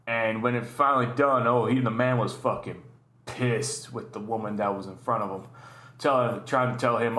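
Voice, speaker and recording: A man chatting loosely as the host of his own channel, drifting from story to story and swearing freely. His mid-pitched voice rings off the walls of a roomy, echoey space. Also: moderate pace, a bit bright. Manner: rambling, swears often, laughs at his own stories. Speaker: YouTube host. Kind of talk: casual storytelling and reaction commentary. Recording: roomy echo.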